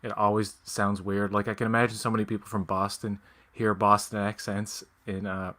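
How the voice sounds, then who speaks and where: A man's voice: fairly low pitch, little pitch movement, normal speed, fairly bright tone. A man co-hosting a podcast, chatting casually and rambling with joking asides. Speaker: podcast co-host. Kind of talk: casual chat.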